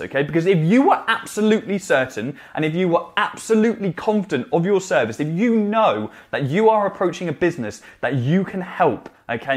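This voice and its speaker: A man giving direct, emphatic coaching advice in a vlog, often adding "okay?" to press a point. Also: on the high side. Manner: emphatic, repeats "okay?" to drive points home. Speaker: social media marketing coach.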